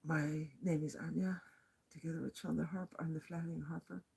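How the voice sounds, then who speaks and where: A woman's voice: sits low, level tone, normal speed, gravelly, darkish tone, slight background noise. A woman recording a casual video diary as a walking pilgrim, talking in a rambling, heartfelt way with many fillers and restarts.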